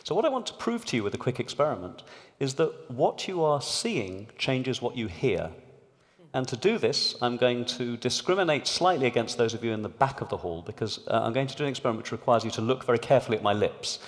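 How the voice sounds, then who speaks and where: A man giving a lively, explanatory talk to an audience in a large hall through an amplified stage mic. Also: medium pitch, fairly quick. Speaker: panel speaker. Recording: reverberant lecture hall.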